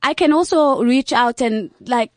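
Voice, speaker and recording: A woman speaking in a panel discussion, her voice sitting a little high. She builds her points earnestly in long lists, recorded close and dry with no room sound. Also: unhurried, no room sound. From South Africa.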